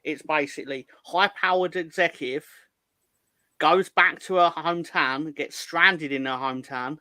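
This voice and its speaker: A man's voice: a little high, normal speed, bright, forceful tone, no echo. A man co-hosting a podcast in casual chat, talking in a rambling, jokey and crude way. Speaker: podcast co-host.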